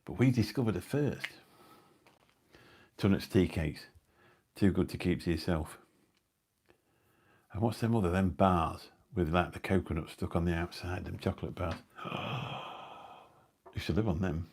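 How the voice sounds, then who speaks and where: A man's voice: low-pitched, unhurried, long pauses, a little mellow, a little hiss or hum. A middle-aged man hosting a live stream, chatting indoors at home in a rambling, anecdotal way with dry asides. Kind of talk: casual rambling chat. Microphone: new phone or mic on a live stream.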